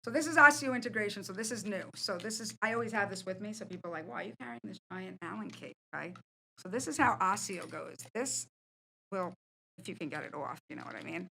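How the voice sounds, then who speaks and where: A woman's voice: mid-range voice, animated, brisk, vocal fry, sharp tone, a little hiss or hum. A woman, a guest on a studio podcast, speaking bluntly and animatedly about her own experiences, swearing casually. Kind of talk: candid conversational storytelling.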